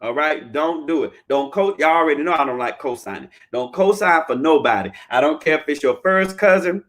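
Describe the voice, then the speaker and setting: A man with a fairly high voice gives down-to-earth money advice in a folksy, preachy manner. He keeps asking "all right?" and now and then breaks into loud, chanting bursts. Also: animated, brisk. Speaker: credit repair advisor. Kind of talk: live-streamed advice talk.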